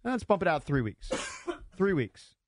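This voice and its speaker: A man hosting sports talk radio, opinionated and quick to cut in on his co-hosts. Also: sits high, sing-song, noisy background. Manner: opinionated, talks over others.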